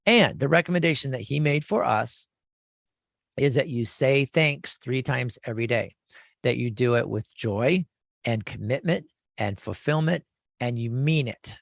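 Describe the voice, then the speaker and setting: Gravelly-voiced middle-aged male radio host. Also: medium pitch, animated, measured pace, no room sound, clean studio sound. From California. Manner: rambling, enthusiastic, with frequent restarts. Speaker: radio show host and lawyer. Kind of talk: casual radio talk.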